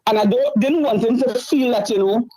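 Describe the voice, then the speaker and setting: A woman's voice: on the high side, normal speed, a crowd in the background, rough recording. A middle-aged woman, telling a distressing story in a talk show and repeating herself as she goes. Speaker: caller. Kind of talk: emotional storytelling.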